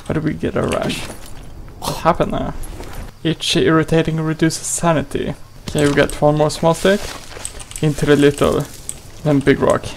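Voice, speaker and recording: A man's voice: fairly high pitch, flat delivery, moderate pace, creaky, a little hiss or hum, low-quality recording. A man hosting a gaming channel, giving playful, exclamatory let's play commentary and talking to his character.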